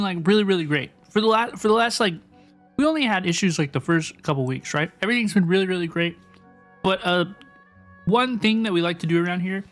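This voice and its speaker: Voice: mid-range voice, fairly bright tone. Rambling, chatty game streamer. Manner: rambling, filler-heavy, asks chat "right?". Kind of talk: casual live-stream commentary.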